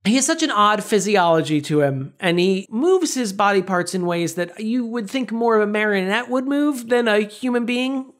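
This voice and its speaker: Podcast co-host, casual chat, lively retelling, mid pitch. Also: normal speed, hardly any pauses. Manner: animated storytelling, acting out quoted lines; casual swearing.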